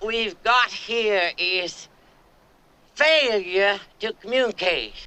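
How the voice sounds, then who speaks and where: An actor playing a stern Southern prison captain who speaks in a slow, deliberate Louisiana drawl. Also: male voice, high voice, sharp tone, smooth, exaggerated voice.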